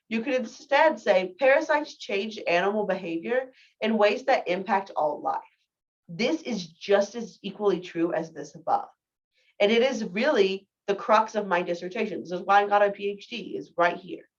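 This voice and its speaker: A woman in her thirties giving a recorded biology lecture in a casual, candid, self-deprecating way. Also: medium pitch. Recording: distant, dull lo-fi mic.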